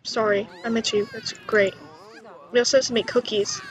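Woman, high voice, chatty game commentary, excitable, faint background hiss. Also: moderate pace, low-quality recording. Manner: excitable, chatty, gasps and laughs. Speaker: gaming YouTuber. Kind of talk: let's play commentary.

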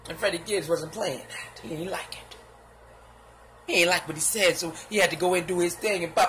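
A man giving casual, animated gossip commentary in slangy talk, laughing and acting out what others said. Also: sits high, a little fast, a little hiss or hum. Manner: sound effects and repeated filler phrases.

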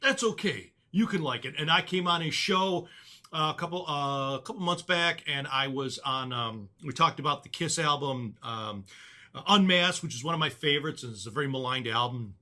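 Male vlogger, bright tone, slightly high voice, rambling and enthusiastic. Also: normal speed. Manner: rambling, lots of fillers and restarts, enthusiastic. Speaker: channel host. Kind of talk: casual chat.

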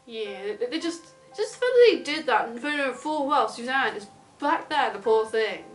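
A woman's voice: a little high, big pitch swings, moderate pace, faint music behind, rough recording. A woman with a London accent casually recounting a true crime case, breaking into blunt, indignant asides.

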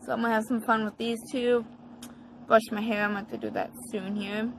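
A woman's voice: a little high, level tone, fairly quick, a little hiss or hum, low-quality recording. A woman talking casually in a home vlog, counting her exercises aloud and chatting to her dogs. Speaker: vlogger.

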